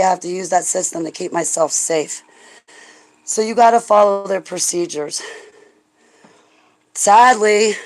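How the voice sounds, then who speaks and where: A woman's voice: medium pitch, rough recording. Rambling, laughing woman on a livestream. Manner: emotional, profane, laughs often; prays aloud at times. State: stressed. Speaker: livestream host. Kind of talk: rambling livestream chat with viewers.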